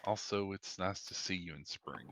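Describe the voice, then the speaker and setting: A man voicing a caring male ally who speaks warmly and reassuringly. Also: deep voice, normal speed, no echo. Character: caring male elder ally, gentle and protective.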